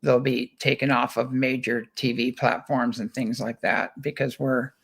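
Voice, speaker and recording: A man's voice: medium pitch, flat delivery, unhurried, vocal fry, a bit bright, slightly rough. A man from the United States, a guest who founded a ranch, chatting casually and telling rambling stories in which he repeats words and acts out what others said. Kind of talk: casual chat, anecdotal storytelling.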